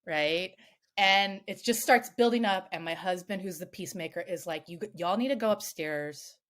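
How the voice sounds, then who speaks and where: A middle-aged woman recounts a family blowup with animated energy, cursing freely and slipping into the voices of the people she quotes. Her voice sits a little low for a woman. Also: normal speed. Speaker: podcast guest. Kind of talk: candid storytelling.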